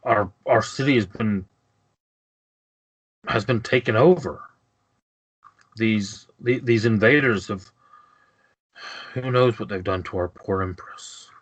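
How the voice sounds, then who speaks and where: A man's voice: on the low side, big pitch swings, slow, long pauses, breathy edge, full character voice, low-quality recording. A man voicing a weary nobleman who has been trapped for weeks, stammering and shaken. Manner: stammering, trembling.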